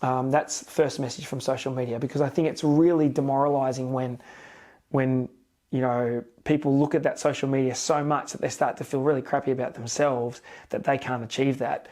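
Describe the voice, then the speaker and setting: A man's voice: mid-range voice, little pitch movement, normal speed, darkish tone. A man, a fitness and diet coach, talking frankly and emphatically to camera in a casual video. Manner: frank, emphatic, plain-spoken.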